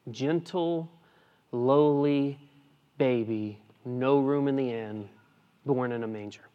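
A male pastor preaching a sermon, swinging between hushed and emphatic lines, with casual asides. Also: medium pitch, slow pace, smooth, narrow, tinny audio. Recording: long hall reverb.

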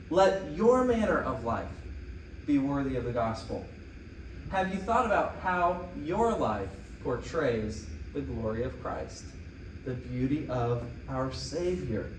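A pastor delivering an animated, emphatic sermon in a church. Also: male voice, medium pitch, takes it slowly. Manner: animated preaching, emphatic quoted asides. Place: church sanctuary. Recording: echoey room, distant mic, faint noise.

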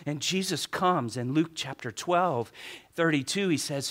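A man preaching a sermon as pastor, animated and joking with the congregation. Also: fairly high pitch, measured pace.

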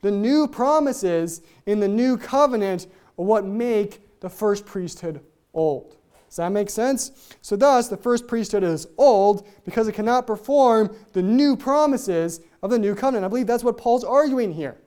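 A Bible teacher going through a passage verse by verse, talking very fast, tripping over words and repeating key points for emphasis. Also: medium pitch, lively intonation, darkish tone, smooth. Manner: talks very fast, trips over own words.

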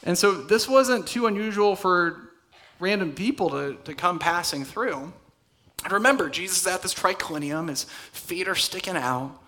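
A man delivers a sermon to a church room in a conversational way. His voice is a little high and bright. He often drops to a soft, intense tone to press a point home. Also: expressive, moderate pace. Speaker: pastor. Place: church hall.

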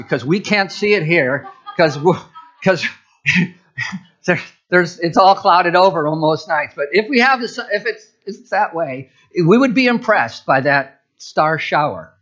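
A man's voice: high-pitched, animated, unhurried, a bit bright, dull audio. A man preaching as a pastor, conversational, with asides and restarts. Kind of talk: sermon.

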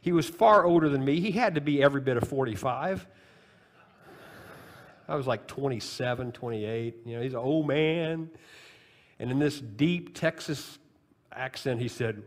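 A man in his sixties preaching a sermon, talking with the congregation in a conversational way and swinging between loud, high emphasis and quiet, low asides. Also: moderate pace, pauses often, in a large hall. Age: 60s. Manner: conversational preaching with wide swings in pitch and loudness. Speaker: pastor.

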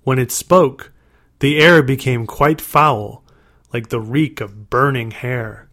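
A man narrating a dark storybook in a measured, dramatic reading. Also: medium pitch.

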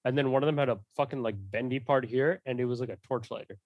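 A man's voice: mid-range voice, fast talker, phone-quality sound, a little hiss or hum. A man co-hosting a podcast, throwing out teasing, crude jokes in a casual chat.

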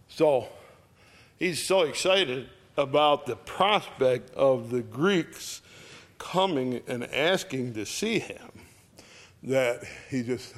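Guy preaching a bible lesson, talks slow, mid pitch, earnest, keeps asking the crowd questions. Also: animated. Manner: earnest, vivid retelling with rhetorical questions. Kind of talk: Bible teaching sermon.

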